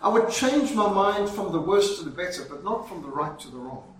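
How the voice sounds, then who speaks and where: A man's voice: sits high, lively intonation, brisk. A man voicing a steadfast old bishop in his eighties, speaking in a firm, declaring way. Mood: defiant. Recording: very echoey, from far off.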